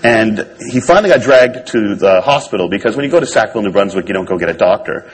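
Fast-talking husky man telling a story. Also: lowish voice, animated, low-quality recording. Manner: wry, self-deprecating storyteller. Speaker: speaker giving a talk. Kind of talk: storytelling talk to an audience.

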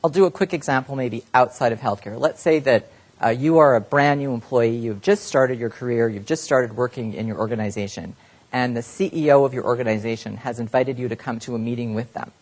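Male health educator, direct, plain lecture delivery, mid pitch. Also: fairly quick, darkish tone. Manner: plain-spoken, addresses audience directly. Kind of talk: live lecture to clinicians.

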